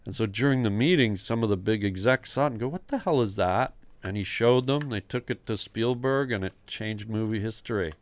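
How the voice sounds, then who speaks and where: Older male host, 60s, smooth clear voice, dry close sound, animated storyteller. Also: on the low side, brisk, no room sound. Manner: animated storyteller, acts out quoted dialogue. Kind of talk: casual storytelling chat.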